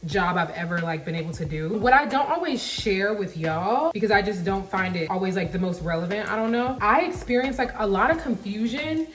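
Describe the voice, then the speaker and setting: A woman's voice: mid-range voice, animated, a little fast, hardly any pauses, reverberant, crowd noise. A young woman vlogging while she cooks at home, rambling candidly with lots of filler words. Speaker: cooking vlogger. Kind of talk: casual chat while cooking. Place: home kitchen.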